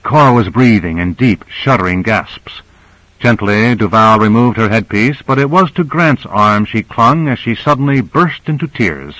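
A man reading a novel aloud in a measured, even narration. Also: fairly low pitch, dry recording, rough recording. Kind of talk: scripted audiobook narration.

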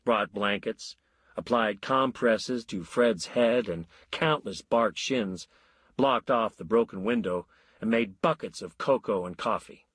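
Husky, expressive male narrator. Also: lowish voice, a little slow, no echo. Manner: expressive, voicing many characters. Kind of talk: audiobook narration.

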